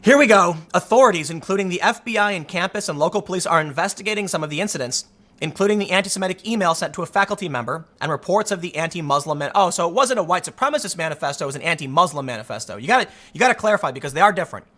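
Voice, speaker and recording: Male commentator, thirties, mocking and animated, slightly high and bright. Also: rapid-fire. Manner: sarcastic, mocking, animated storytelling. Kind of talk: casual commentary.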